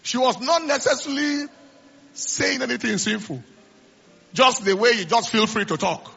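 A man's voice: high-pitched, normal speed, gravelly, bright, forceful tone, husky. A middle-aged man preaching a sermon, telling stories and repeating phrases, with stammered restarts. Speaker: pastor. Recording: slightly dull lo-fi sound.

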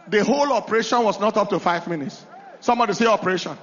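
A man preaching a sermon, telling a story dramatically and bursting into shouted commands. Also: high voice, rapid-fire, slight background noise. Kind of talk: sermon with testimony. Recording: dull lo-fi recording.

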